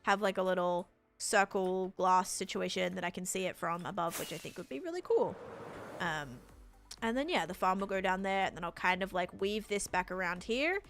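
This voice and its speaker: A young woman chats casually with viewers while live-streaming a game, rambling along with plenty of fillers and patiently over-explaining things to chat as she answers them. Her voice is medium in pitch and fairly bright, at a moderate pace, with soft music in the background.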